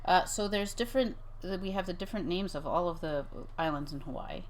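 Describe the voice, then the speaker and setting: A woman's voice: fairly low pitch, a little fast. A woman illustrator co-hosting a live reading, reading a picture book aloud and teasing her partner with frequent giggles. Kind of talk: casual live-stream reading.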